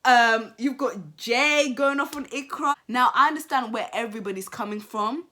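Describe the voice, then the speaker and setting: A young woman giving casual reaction commentary, animated and emphatic, repeating phrases for effect. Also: on the high side, moderate pace. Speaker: commentary vlogger.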